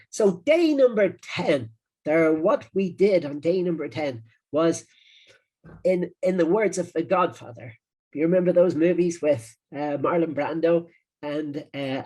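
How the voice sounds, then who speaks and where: A middle-aged Irish man gives an online marketing lesson, chatting and rambling with a salesman's ring. His voice is warm and dark with a husky edge. He talks in a loose, friendly way, as if to a subscriber. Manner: chatty, rambling, with frequent "uh" fillers and sales-pitch phrasing. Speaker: digital marketing coach.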